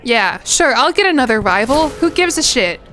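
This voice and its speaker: A woman's voice: high voice, very animated, normal speed, a bit bright, soft background music. A woman streaming a strategy game, chatting casually, reacting, laughing and swearing as she plays. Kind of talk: casual gameplay commentary.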